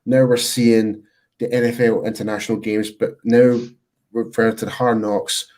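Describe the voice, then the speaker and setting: A man's voice: lowish voice, flat delivery, normal speed, darkish tone. Co-host, UK man, loose chatty delivery, lots of restarts and laughs. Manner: rambling, self-interrupting, laughs often. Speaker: podcast co-host. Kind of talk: casual fan chat.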